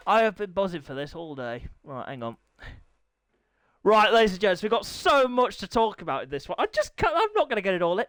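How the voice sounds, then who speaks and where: A young man hosting a racing game live stream, excitable and jokey, with squealing high bursts of excitement. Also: no echo. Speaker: race commentator and stream host.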